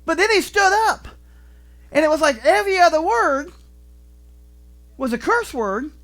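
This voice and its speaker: A male pastor delivers a sermon in a church with a lively, swooping voice. He tells stories animatedly, jumping into voices and bursts of emphasis. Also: very high-pitched, unhurried. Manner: animated storytelling, acting out voices. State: vertigo, deaf in left ear.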